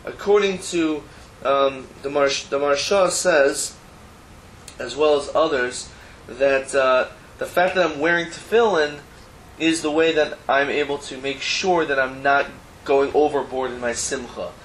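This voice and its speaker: A man's voice: medium pitch, measured pace, fairly bright tone. A man teaching a Talmud class, explaining the text line by line with Hebrew terms and casual asides. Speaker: Torah teacher. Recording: roomy echo, faint background noise.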